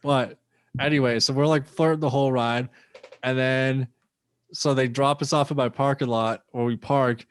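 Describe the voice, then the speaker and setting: A man's voice: medium pitch, steady tone, moderate pace, smooth. A young man, a comedian guest, casually telling a loose, profane story and acting out what people said.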